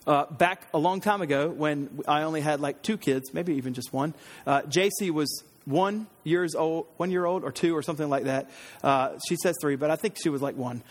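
A man in his thirties preaching a sermon, telling a family story in an animated way and acting out the voices. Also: a little high, moderate pace. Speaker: pastor. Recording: long hall reverb.

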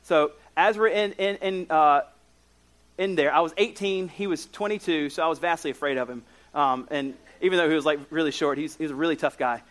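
A man's voice: a little high, a little fast. A man in his forties preaching a sermon, telling stories with jokes and side notes. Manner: lively storytelling with jokes and asides. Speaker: pastor.

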